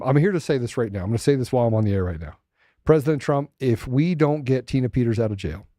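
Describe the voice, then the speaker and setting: Brief: male host ranting, mocking asides, dark mellow voice. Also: on the low side, no room sound, studio quality. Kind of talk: political commentary show.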